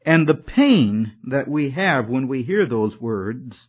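A man's voice: medium pitch, lively intonation, takes it slowly, breathy edge. A man preaching a sermon in an earnest, emphatic way, his voice swelling and dropping. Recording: tinny phone-like sermon recording.

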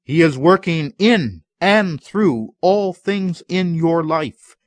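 A man preaching a sermon in a slow, measured way that builds to emphatic climaxes. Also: a little high, animated, no room sound. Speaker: pastor.

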